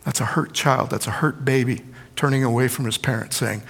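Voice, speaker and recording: A middle-aged male preacher giving a sermon, swinging from loud pleading quotations to hushed asides. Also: medium pitch, fairly even intonation, brisk, creaky, long reverb tail.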